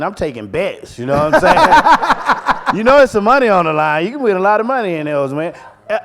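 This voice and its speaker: A man's voice: high-pitched, a bit bright. A man bantering with a live audience in a brash, playful way, full of slang. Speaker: comedian at a live Q&A. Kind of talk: loose stand-up banter with the crowd. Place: live comedy venue.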